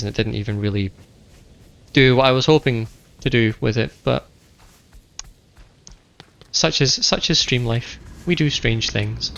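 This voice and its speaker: A man's voice: mid-range voice, vocal fry, a bit bright. Chatty man muttering through a game. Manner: chatty, talks to himself, sing-song muttering. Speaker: streamer. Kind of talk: live gameplay commentary.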